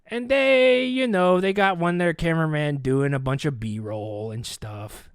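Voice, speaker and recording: A man hosting a podcast, telling a comic story with animated delivery and acted-out voices. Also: a little high, unhurried, clear, resonant tone, no echo, clean studio sound. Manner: animated, acts out quoted voices. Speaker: podcast host. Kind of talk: comedic storytelling.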